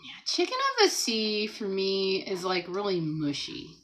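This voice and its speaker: A woman's voice: medium pitch, huge pitch swings, a little slow, rough recording. Chatty woman hosting a home livestream. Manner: chatty, laughs often, reads viewer comments aloud; gentle motherly talk to a small child. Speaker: livestream host. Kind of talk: casual livestream chat.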